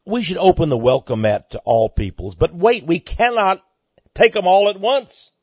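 Husky, animated male commentary host. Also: sits high, normal speed, no room sound. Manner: emphatic, rising to excited outbursts. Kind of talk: monologue commentary. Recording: dull lo-fi recording.

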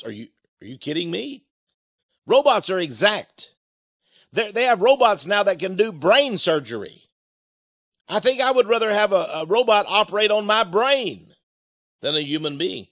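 Lively, emphatic man holding forth. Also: high-pitched, normal speed, no echo. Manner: emphatic, rambling, acts out robot and caller voices. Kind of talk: monologue to listeners.

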